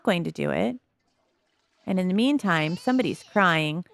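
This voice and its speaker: A woman's voice: on the low side, animated, normal speed, vocal fry, no echo. A woman giving casual, amused commentary on her life-sim game as a video host. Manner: chatty, amused, narrates the characters' thoughts.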